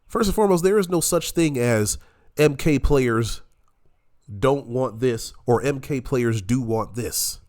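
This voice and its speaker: A man's voice: mid-range voice, takes it slowly, a little mellow. Nasal, congested man ranting profanely. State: nasal and congested, recovering from illness. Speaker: commentator reacting to a video. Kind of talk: heated reaction commentary.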